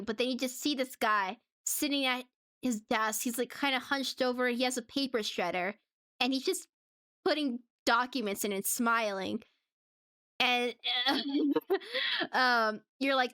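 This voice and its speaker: A woman's voice: sits high, a little slow, a bit bright, clean tone, no room sound, clean studio sound. A woman streaming live in casual chat, giggling often and rambling with restarts.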